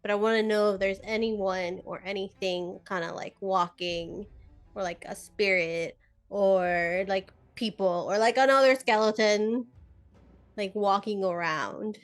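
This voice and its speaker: A woman's voice: mid-range voice, steady tone, measured pace, faint music behind. A woman playing a tabletop game, talking in a rambling, filler-heavy way. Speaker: player. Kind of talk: tabletop game play, casual chat.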